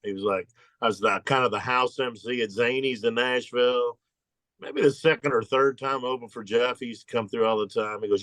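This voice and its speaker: A man in his fifties from Louisville, a comedian on a video call. He tells laid-back, rambling road stories. His voice is mid-pitched and sounds dry, with no room echo. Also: fairly even intonation, a little fast, fairly bright tone. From Louisville, Kentucky. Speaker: stand-up comedian, guest. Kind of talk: casual chat over a video call.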